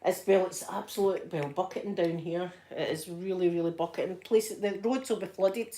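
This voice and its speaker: Chatty Glaswegian woman, soft spoken. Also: lowish voice, normal speed. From Scotland. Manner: chatty storytelling with frequent laughs and soft asides. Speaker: ASMR livestream host. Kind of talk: casual chat.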